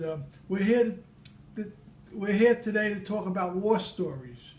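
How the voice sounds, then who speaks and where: A man's voice: high-pitched, a little mellow. An older man from Brooklyn, telling his war stories in a rambling, repetitive way. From Brooklyn, New York. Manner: rambling and repetitive, with many restarts. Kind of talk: casual spoken storytelling. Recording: echoey room.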